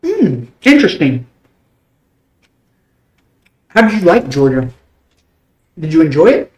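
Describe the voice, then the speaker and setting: A young American man, chatting casually and fast with stream viewers, loose and a bit profane. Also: fairly high pitch, sing-song. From United States. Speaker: game streamer. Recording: roomy echo.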